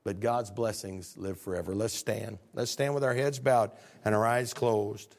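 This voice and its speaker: Male pastor, gravelly voice, storytelling sermon that climbs to fervent highs. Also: steady tone, measured pace. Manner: storytelling preacher, rising to fervent peaks.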